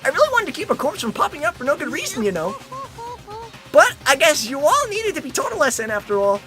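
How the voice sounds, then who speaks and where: A man voicing a gleeful, sadistic bear headmaster in a high, sing-song, mocking voice while reading a game aloud, with light game music behind. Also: wildly swooping pitch, fast talker, pushed and bright, full character voice. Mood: gloating.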